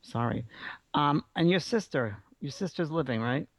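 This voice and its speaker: A man hosting a radio call-in show as a psychic medium, giving a caller warm, reassuring messages. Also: fairly high pitch, expressive, normal speed, no echo. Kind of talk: call-in reading. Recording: dull lo-fi broadcast audio.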